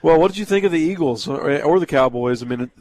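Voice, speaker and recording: Male co-host, rapid joking banter. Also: fairly high pitch, lively intonation, darkish tone. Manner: joking, teasing. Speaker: radio show co-host. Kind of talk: casual sports talk radio.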